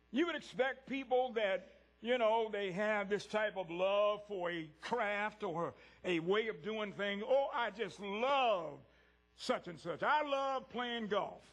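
A man preaching a sermon to a congregation in a church, swinging from loud peaks to hushed lows and speaking straight to the people in the pews. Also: breathy edge. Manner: talks directly to the congregation.

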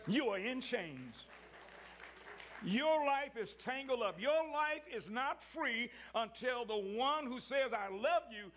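A male preacher delivering a sermon, with call-and-response preaching that rises into shouts. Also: extremely high pitch, a little hiss or hum.

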